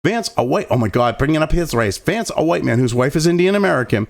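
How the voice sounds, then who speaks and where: A man's voice: on the high side, animated, quick pace, vocal fry. A man hosting a political commentary show who reads an article aloud and breaks into profane, mocking rants, stumbling and restarting over the words. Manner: profane and mocking, with frequent outbursts.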